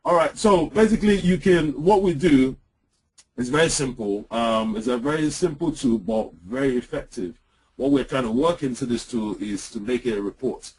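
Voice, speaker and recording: A man presenting software in an online webinar, walking through a screen-share demo with frequent "uh"s and "um"s over a computer mic. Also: mid-range voice, normal speed, breathy edge, poor audio. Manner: hesitant, lots of "uh" and "um". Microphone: computer mic on an online call.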